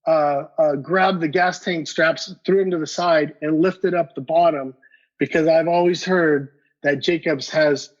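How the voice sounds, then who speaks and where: Guy rambling through a story, trips over his words, kinda higher voice, muffled lo-fi audio. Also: measured pace. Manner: animated, repeats words, acts out dialogue. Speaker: guest collector. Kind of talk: casual storytelling. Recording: dull lo-fi podcast audio.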